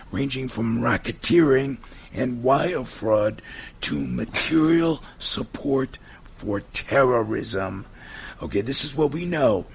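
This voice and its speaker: A man's voice: mid-range voice, vocal fry, a bit bright, breathy edge. A man with a Brooklyn accent hosting a talk radio show, punchy and emphatic as he runs through lists. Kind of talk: casual talk radio banter.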